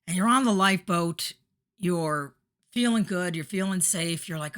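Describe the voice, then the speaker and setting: Lower-voiced woman telling an animated story. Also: unhurried. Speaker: podcast host. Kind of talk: motivational monologue on addiction recovery.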